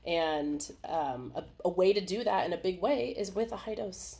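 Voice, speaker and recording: A woman with a fairly low voice hosts a casual live webinar over a video call. She talks in an animated, chatty way, laughing often and slipping into little acted-out voices. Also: normal speed, vocal fry. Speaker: webinar host.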